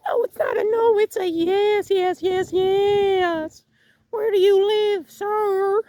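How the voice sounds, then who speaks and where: Woman doing a very high, gushing old-fashioned girl. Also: steady tone, takes it slowly, dark tone. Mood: giddy. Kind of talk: amateur comedy skit acting.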